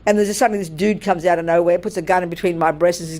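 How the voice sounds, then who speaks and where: An older woman, a Buddhist nun, giving a dharma talk in a blunt, animated way and laughing through her stories. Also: lowish voice, fast talker.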